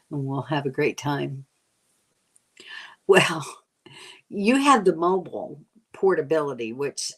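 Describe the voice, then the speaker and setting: Older woman, low-pitched, casual live-stream host; rambling, filler-heavy, a bit tired. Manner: rambling, chatty, many fillers. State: tired from lack of sleep. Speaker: vlogger answering live chat.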